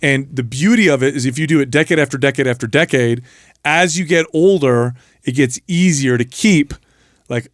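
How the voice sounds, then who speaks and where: A man's voice: mid-range voice, no echo, clean studio sound. A man hosting a fitness podcast, chatting casually and telling stories with energy. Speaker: podcast host. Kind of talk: casual chat. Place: podcast studio.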